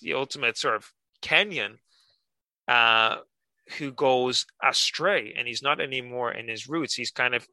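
A man co-hosting a podcast, rambling through his thoughts with plenty of "like" and restarts. His voice is very sharp and tense, recorded dry and close with no room sound. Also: medium pitch, moderate pace, dry recording, rough recording. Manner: rambling, hesitant, lots of "like". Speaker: podcast co-host. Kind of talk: casual chat.

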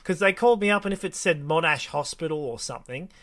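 A man's voice: on the high side, expressive, fast, no echo. A man co-hosting a casual podcast chat, rambling and restarting his sentences as he tells stories. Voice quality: bright, rambling with many restarts. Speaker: podcast co-host.

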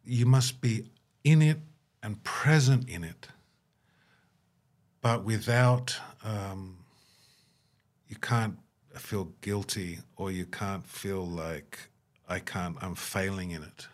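A man with a lowish voice speaks earnestly as an interview guest. He talks through his field work and slips into quick acted bits of the conversations he describes, his voice lifting as he plays them out. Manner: earnest, acts out quoted dialogue with rising pitch. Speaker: guest, humanitarian worker. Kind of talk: reflective interview talk.

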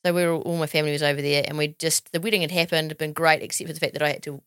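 A woman's voice: low-pitched, little pitch movement, rapid-fire, a bit bright, smooth, dry recording, studio quality. A woman co-hosting a podcast, chatting and telling a story in a blunt, laughing way. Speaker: podcast co-host. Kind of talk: casual chat, storytelling.

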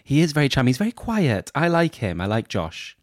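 A man co-hosting a podcast, chatting casually, quick and enthusiastic with strong opinions. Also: mid-range voice, sing-song, no echo, clean studio sound. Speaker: podcast co-host. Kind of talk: casual chat.

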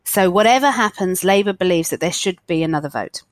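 A woman's voice: fairly low pitch, expressive, a little fast, no echo. A woman on a political discussion panel, explaining a party's position carefully and with a wry tone.

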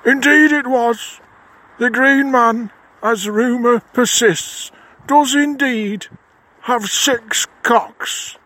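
A gruff lodge head with a broad Lancashire accent, put on by a man in a comedy. He talks in a high, unhurried voice, blunt and matter-of-fact, dropping swears without a second thought. The delivery stays deadpan throughout. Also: exaggerated voice. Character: gruff middle-aged northern Masonic lodge head.

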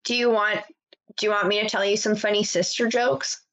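A woman's voice: mid-range voice, flat delivery, fairly quick, fairly bright tone, rough recording. A woman co-hosting a casual podcast chat, telling stories in a loose way with lots of fillers. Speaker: podcast co-host.

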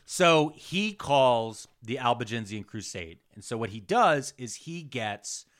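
A man's voice: mid-range voice, expressive, slow pace, fairly bright tone. A man co-hosting a podcast, talking through history in casual chat, swearing freely and dropping into mocking quoted voices. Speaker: podcast co-host.

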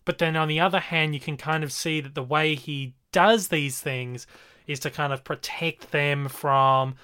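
A man's voice: fairly high pitch, fairly even intonation, a little slow, bright, forceful tone, clean tone. A man co-hosting a casual film review chat, enthusiastic and rambling, with fillers and restarts.

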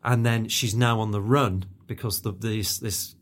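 A man's voice: lowish voice, fairly even intonation, unhurried. A man co-hosting a podcast, talking casually and enthusiastically about a TV show, often restarting his sentences. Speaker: podcast co-host. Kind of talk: casual chat.

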